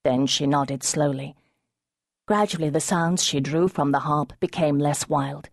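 A woman audiobook narrator reading a novel in measured, expressive scripted narration. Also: deep voice, vocal fry, no echo, studio quality.

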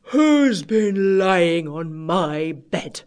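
A woman doing a slow, gruff great big bear. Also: on the low side, very animated, darkish tone, exaggerated voice.

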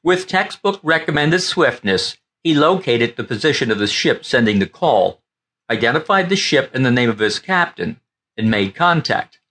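A man narrating a science fiction audiobook in an expressive storytelling manner. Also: medium pitch, normal speed, slightly rough. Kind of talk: scripted narration.

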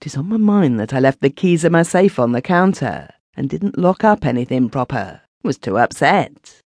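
A man voicing Butters, a quiet, shaken juror. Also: medium pitch, big pitch swings, no room sound. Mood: anxious. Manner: quiet, slow, trembling. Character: shaken, guilt-ridden older juror Butters. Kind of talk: audiobook character voice.

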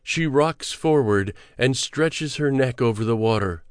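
A man narrating a novel as an audiobook in a measured, steady storytelling manner, on a close studio mic. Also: medium pitch, clean tone, no room sound.

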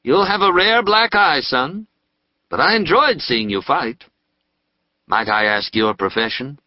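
A man's voice: fairly high pitch, sing-song, unhurried, no echo, voice pushed up. A man voicing a formal, anxious middle-aged male dentist in an audiobook. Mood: earnest. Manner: formal, polite, grave. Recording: slightly muffled dry audiobook.

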